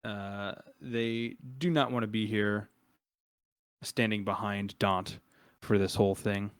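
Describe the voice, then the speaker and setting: Low, smooth-voiced man running a tabletop game. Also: takes it slowly, no room sound. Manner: relaxed, chuckling, frequent filler words. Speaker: game master.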